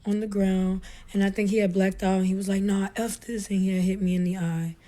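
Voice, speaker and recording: A woman's voice: medium pitch, level tone, fairly quick, dark tone. A young adult woman caller telling a long story in casual, rambling talk over a phone connection, filling gaps with "blah, blah".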